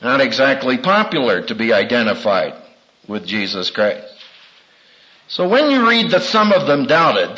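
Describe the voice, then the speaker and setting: A man preaching a sermon in a dramatic way, acting out quotes with big swings in pitch. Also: sharp tone, dull audio.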